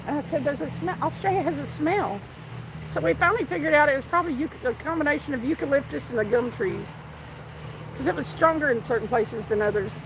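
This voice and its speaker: Southern lady fishing outside, high voice, chatting to her live chat and telling stories. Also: fairly quick, background noise. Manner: chatty, reads out viewer comments and tells stories. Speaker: fishing livestream host. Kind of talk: casual live-stream chat.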